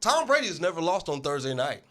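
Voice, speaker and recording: Animated man ranting about sports. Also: a little high, fast. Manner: animated, emphatic, repeats himself for emphasis. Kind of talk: casual sports debate.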